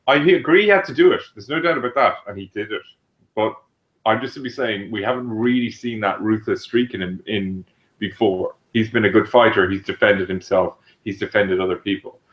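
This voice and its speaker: A man's voice: on the low side, brisk. A man co-hosting a podcast, reasoning in casual chat with hesitant fillers. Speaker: podcast co-host. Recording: dull lo-fi sound.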